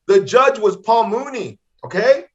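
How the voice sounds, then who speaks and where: Excitable comedian man telling stories. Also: high voice, unhurried. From Los Angeles. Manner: energetic, repeats "bro" and "man", acts out voices. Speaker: comedian guest. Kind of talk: animated storytelling. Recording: slightly dull lo-fi audio.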